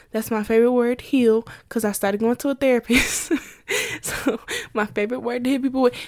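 A woman's voice: on the high side, brisk, no echo, clean studio sound. A young adult woman talking candidly to her listeners in a casual monologue, laughing often between points.

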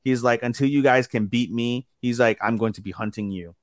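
A man's voice: mid-range voice, brisk, no echo, clean studio sound. A man co-hosting a podcast, casually recapping an episode and acting out the characters' lines as he goes. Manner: animated retelling that acts out characters' lines with lots of "he's like". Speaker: podcast co-host.

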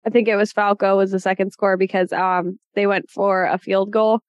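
A woman's voice: medium pitch, flat delivery, normal speed, no echo. Woman chatting, slightly muffled. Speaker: podcast co-host. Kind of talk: casual movie chat.

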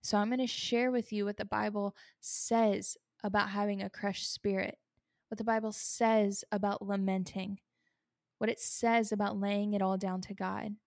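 In a dry, studio-quality recording, a woman with a creaky, medium-pitched voice speaks at a moderate pace with flat delivery. As host of a personal faith podcast, she opens up earnestly about sorrow, holding back tears.

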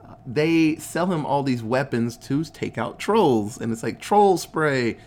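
A man's voice: medium pitch, lively intonation, a little slow, a little mellow. A man casually recapping a movie, laid-back and swearing a lot, acting out the characters' lines in goofy voices. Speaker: podcast host recapping a movie.

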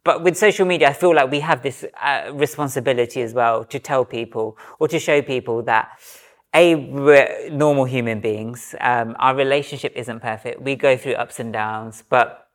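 A man's voice: mid-range voice, normal speed. A man talking earnestly and reflectively as a podcast guest, thinking aloud in casual conversation. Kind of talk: casual chat.

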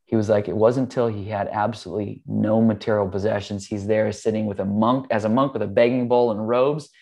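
A man's voice: fairly low pitch, fairly even intonation, fairly quick, darkish tone. A man, a podcast guest, earnestly telling a long family story in a rambling way, with frequent ums. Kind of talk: casual storytelling.

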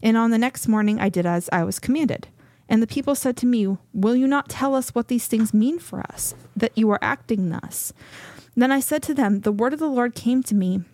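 A woman reading scripture aloud as co-host of a Bible study, a little out of breath, in a measured, steady reading voice. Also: fairly high pitch, dry recording.

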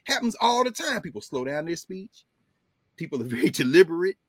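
A man with a fairly high, lively voice holds forth on politics, emphatic and folksy. His pitch rises and falls a lot as he talks. The sound is dry and close, with no room echo. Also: brisk. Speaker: political commentary host. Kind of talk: casual political commentary.

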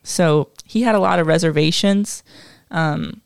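A woman's voice: fairly low pitch, measured pace, gravelly, clear, resonant tone, no echo, studio quality. A woman co-hosting a casual history podcast, explaining from her notes with filler words and self-deprecating asides. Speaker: podcast co-host.

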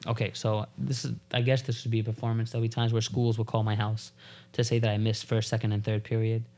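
A man's voice: on the low side, level tone, quick pace, darkish tone. A man who is a guest on a podcast, chatting casually and rambling through joking stories.

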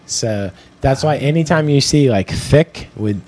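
A man chatting on a podcast, wisecracking and explaining things at a slow, deliberate pace. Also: medium pitch, expressive, darkish tone. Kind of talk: casual podcast banter.

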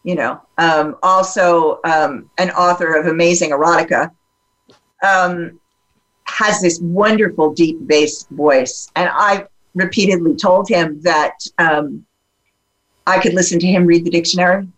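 Animated woman in candid chat. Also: fairly low pitch, a little slow, low-quality recording. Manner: animated, lots of fillers and restarts. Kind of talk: casual podcast conversation.

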